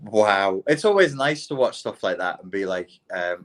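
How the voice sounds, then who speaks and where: British guy on a podcast, slightly low voice, animated jokey storytelling. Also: normal speed, few pauses. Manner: animated self-mocking storyteller. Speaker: podcast co-host. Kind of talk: casual chat.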